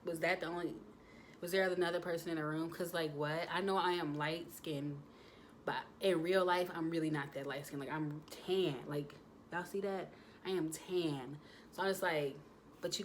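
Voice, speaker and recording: A young adult woman, chatting casually to her viewers, animated with lots of fillers. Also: fairly low pitch, slight background noise. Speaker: vlogger, new mother.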